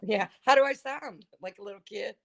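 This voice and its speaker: A woman's voice: mid-range voice, brisk, creaky. A woman joking around as a guest in a casual live-stream group chat. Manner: goofy and joking.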